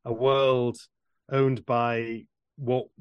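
A man's voice: mid-range voice, level tone, extremely slow, clean tone, no room sound, highs cut off. A man hosting a casual conversation, speaking reflectively and hesitantly and laughing often.

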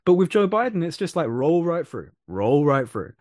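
Animated, rambling man. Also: a little high, normal speed, dry recording, clean studio sound. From England. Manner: animated, rambling, repeats phrases for emphasis. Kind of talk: casual conversation.

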